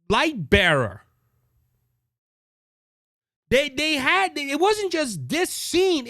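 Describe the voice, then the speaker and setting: A man's voice: sits high, fairly bright tone. A man with a Cajun accent hosting an opinion show, talking emphatically in a monologue and often repeating and restarting his phrases. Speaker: podcast host.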